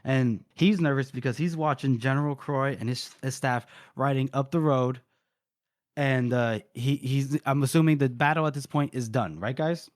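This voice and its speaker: A man's voice: medium pitch, normal speed, dry recording, clean studio sound. A man co-hosting a book podcast, recapping chapters in casual talk, swearing freely and acting out the characters' lines. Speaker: podcast co-host.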